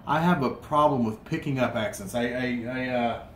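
Cooking in a hotel room, this Southern US vlogger rambles casually, often restarting and using fillers, in a mid-range, fairly bright voice at normal speed. The audio is roomy and distant, carrying a slight room hum.

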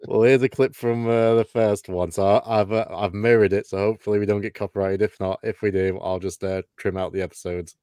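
A man's voice: on the low side, steady tone, brisk, hardly any pauses, mellow, clean tone, no echo, clean studio sound. A man from the East Midlands, co-hosting a casual chat in a rambling, laid-back way. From England, East Midlands. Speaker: co-host.

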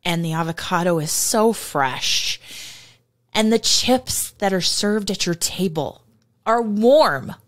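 A woman co-hosts a podcast, chatting casually and enthusiastically about food in vivid, descriptive detail and laughing easily. Her mid-range voice is animated, and she speaks at a slow pace.

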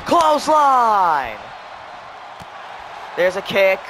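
A man calling a wrestling video game match play by play, excitable and breaking into shouts at the near-falls. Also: high-pitched, slow, crowd noise, noisy background. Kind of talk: play-by-play commentary.

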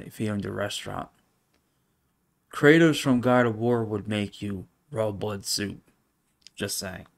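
A man's voice: mid-range voice, gravelly. A man vlogging casual reaction commentary, blunt and swearing, skimming and reading aloud with open disgust. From United States.

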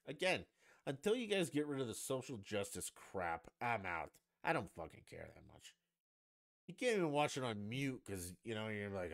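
A man's voice: medium pitch, big pitch swings, normal speed, a bit bright. A man hosting a solo podcast, ranting in a profane, sarcastic and argumentative way. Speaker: podcast host.

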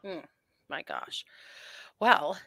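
Bright-voiced chatty woman host. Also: lowish voice, huge pitch swings, extremely slow, creaky, dry recording. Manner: chatty, laughs often. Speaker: podcast co-host. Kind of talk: casual chat.

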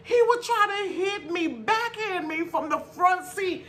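A middle-aged woman tells a story to her viewers in an animated, laughing way. Her voice sits high and leaps all over the place. She keeps calling her audience y'all and honey. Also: a little slow, a little hiss or hum. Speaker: vlogger.

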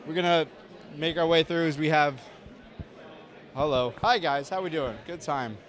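An upbeat man with a high voice hosts a walking tour of a crowded indoor convention floor. He jokes and banters with fans as he goes, caught on the mic of a camera carried alongside him. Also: moderate pace, a bit bright. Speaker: host. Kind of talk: casual convention tour chat. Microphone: mic on a camera carried by a crew member.

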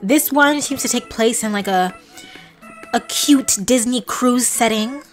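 Young woman, gaming reaction vlog, high voice, loud laughing and shrieking, light music behind. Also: measured pace. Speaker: gaming vlogger. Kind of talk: excited reaction commentary while playing.

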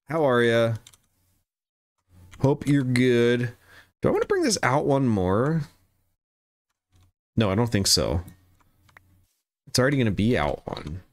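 Chill streamer guy, slow easy talk, voice bounces around a lot. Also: medium pitch, fairly bright tone. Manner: chatty, laughs often, greets viewers. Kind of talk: casual live game commentary.

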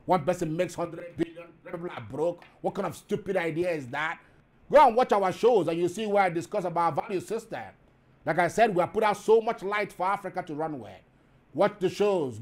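A man hosting a show, delivering an impassioned, preaching monologue full of repetition and rhetorical questions. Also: sits high. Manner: rising to emphatic peaks. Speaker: host.

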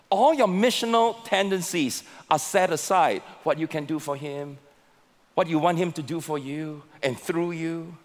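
Pastor, male, high animated voice, slow emphatic sermon delivery, reverberant hall. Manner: slow, emphatic preaching with repeated words and swelling emphasis. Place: large church auditorium. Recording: long reverb of a large hall.

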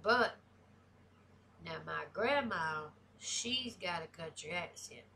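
A woman's voice: fairly low pitch, animated, takes it slowly, bright, forceful tone, a little hiss or hum. A woman with a Southern US country accent, talking casually and bluntly as she reacts to a video, swearing freely. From American South.

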